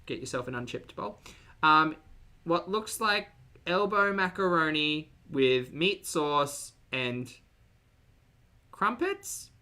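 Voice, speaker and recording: Snarky lady streamer riffing on videos, bright tone. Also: low voice, lively intonation, slow, long pauses. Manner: sarcastic, mocking asides. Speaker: commentary streamer. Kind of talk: reaction stream commentary.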